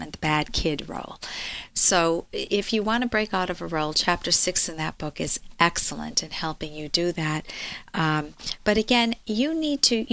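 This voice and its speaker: A woman's voice: lowish voice, a bit bright. A woman psychologist who hosts an advice show and speaks earnestly and emphatically, acting out quoted speech. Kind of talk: advice talk and book reading.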